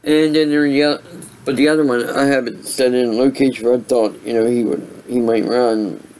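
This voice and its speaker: A man vlogging in a tired, rambling way, stopping and restarting his sentences often. His voice sits at an ordinary middle pitch and he talks like he is chatting at home. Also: steady tone, moderate pace, darkish tone, a little hiss or hum, poor audio. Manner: rambling, many fillers and restarts. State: tired, yawning. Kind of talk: casual storytelling monologue.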